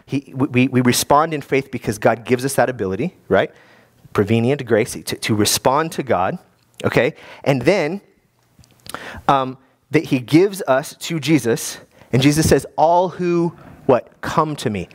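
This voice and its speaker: A man, a guest pastor, preaching a sermon in a lively, conversational way with many restarts. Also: mid-range voice.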